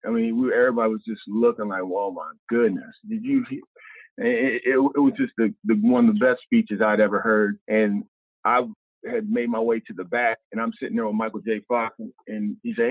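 Animated man on a tinny phone line. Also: on the low side, brisk, no echo. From Ohio, US. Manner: animated, slangy, acts out other people's lines. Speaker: guest, former pro basketball player. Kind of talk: casual storytelling.

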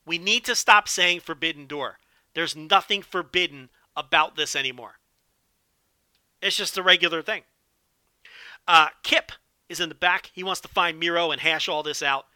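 A man hosting a solo podcast with animated, profane, joking commentary. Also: fairly high pitch, moderate pace, pauses often, no room sound, clean studio sound. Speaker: podcast host.

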